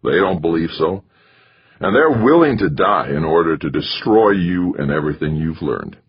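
A man voicing a grave, earnest middle-aged university president and bishop who speaks in a measured, consoling way. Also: low voice, lively intonation, husky. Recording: muffled lo-fi recording.

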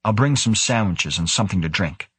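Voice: low-pitched, animated, a little fast, fairly bright tone, husky, dry recording, heavily acted. A man voicing a tired, worried controller who speaks in a subdued, earnest way.

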